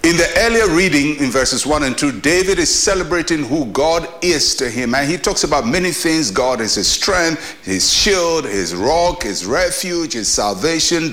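Earnest pastor with a raised pitch. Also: male voice, big pitch swings, moderate pace, fairly bright tone. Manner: earnest, emphatic preaching with repetition and rhetorical questions. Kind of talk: short devotional sermon.

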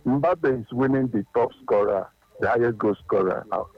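A man's voice: medium pitch, normal speed, dry recording. A man with a Nigerian Pidgin accent calling in to a radio show, teasing and slipping into Igbo. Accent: Nigerian Pidgin English. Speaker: radio caller. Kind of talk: phone call-in chat. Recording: muffled phone line with faint music.

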